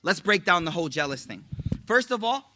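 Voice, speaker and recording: A man's voice: sits high, big pitch swings, brisk, bright, forceful tone. A man teaching a religious class to a live audience, informal and slangy, reciting Arabic quotes and joking as he explains them. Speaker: Islamic teacher. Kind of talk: casual religious talk.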